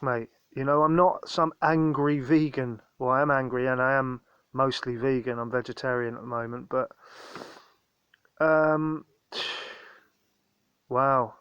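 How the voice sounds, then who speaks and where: A man's voice: a little high, no echo. A man hosting his own channel, ranting angrily in a profane, contemptuous commentary monologue. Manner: ranting, profane, repeatedly says mate; indignant and contemptuous. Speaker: channel host.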